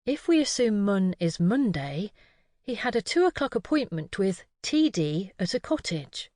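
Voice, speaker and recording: A shrewd, observant young woman from a storybook, voiced by a woman narrator. She speaks thoughtfully and deliberately, with lively pitch. The delivery is slow and the sound close and dry. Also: no room sound.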